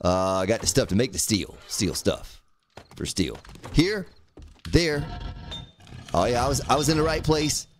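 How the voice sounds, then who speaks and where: A man's voice: medium pitch, lively intonation, unhurried, pauses often, a little hiss or hum. A man casually commenting on his own gameplay on a live stream, talking to himself, swearing lightly, and thanking viewers by name. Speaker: game streamer.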